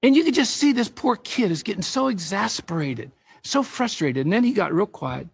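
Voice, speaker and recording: A middle-aged man delivers a faith-based talk on parenting, weaving scripture into family stories. His voice sits high and swings widely in pitch, with a husky edge. The sound is close and dry. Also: a little fast, no echo. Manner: storytelling with scripture quotes, animated. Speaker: speaker on parenting.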